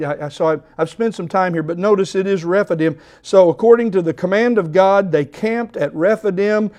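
A man preaching a sermon, expressive, at times dropping to soft repeated phrases, with restarts and stammers mid-thought. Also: high voice. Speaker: pastor.

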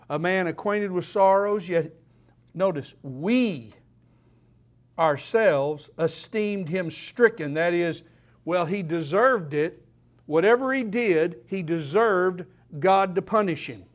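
A man with a high voice preaches a sermon in church. He speaks slowly and emphatically and repeats his key phrases for weight.

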